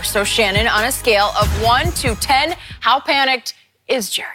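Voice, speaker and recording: A woman moderating a sports debate show, reading a scripted topic intro in a crisp, sing-song way. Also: on the high side, normal speed, music in the background.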